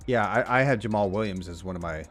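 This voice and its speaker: Low voiced guy on a podcast, blunt, laughs a lot, faint music behind. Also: fast, fairly bright tone. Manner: laughs often, blunt and swears casually. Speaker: podcast co-host. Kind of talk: casual chat.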